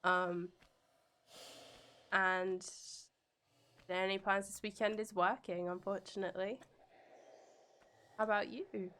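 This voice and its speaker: A young woman chats through a gameplay stream at an ordinary mid pitch. She is playful and giggly, talking straight to her viewers and slipping into sing-song jingles. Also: steady tone, takes it slowly, long pauses, sharp tone. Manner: playful and giggly, sings jingles in silly voices. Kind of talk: casual gameplay commentary chatting with viewers.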